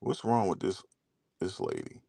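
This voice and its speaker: A man's voice: sits low, wildly swooping pitch, moderate pace, gravelly, mellow, husky, no echo, studio quality. A middle-aged man talking loosely and casually as a commentary host, rambling through stories with slang and profanity.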